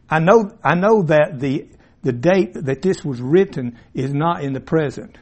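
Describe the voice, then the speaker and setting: A man's voice: fairly high pitch, a little mellow. A man teaching an informal Bible class in a classroom, folksy and rambling with asides and restarts. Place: classroom with a board. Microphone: room mic, at times turned away.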